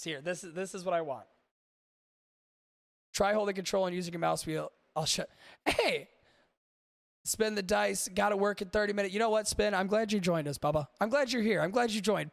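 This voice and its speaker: Brief: male podcast host, high gravelly voice, dry close sound, swearing and rambling with his chat. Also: a bit bright, dry recording. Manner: profane, rambling, talks to chat. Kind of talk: casual livestream chat.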